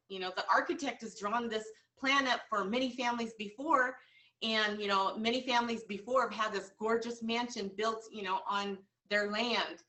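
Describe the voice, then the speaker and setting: A woman's voice: medium pitch, a bit bright, recorded from a distance. A woman giving a motivational training talk to sales agents, earnest and repetitive, with many fillers. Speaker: team leader coaching sales agents.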